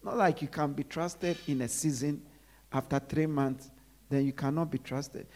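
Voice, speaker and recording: A preacher delivering a sermon who repeats phrases and drops to low murmurs between emphatic lines. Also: steady tone, normal speed, a little mellow.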